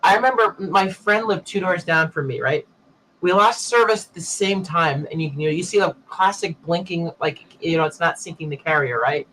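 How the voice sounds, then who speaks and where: A man's voice: on the high side, normal speed, pushed and bright, a little hiss or hum, rough recording. A man hosting a casual tech chat, telling a long anecdote and acting out the other people in it. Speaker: show host.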